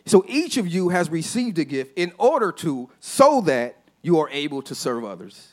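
A man preaching a sermon as a pastor, telling a personal story in a casual, conversational way and often dropping to a soft, low voice for emphasis. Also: sing-song, moderate pace. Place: church sanctuary.

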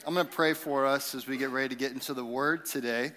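A man in his thirties, a pastor giving a conversational sermon, with animated storytelling, frequent fillers and "right?" tag questions. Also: medium pitch, quick pace.

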